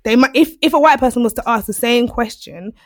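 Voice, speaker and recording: A woman's voice: on the high side, fairly quick, dry recording, studio quality. A woman, speaking bluntly and earnestly in a casual chat. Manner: blunt, earnest, explains at length.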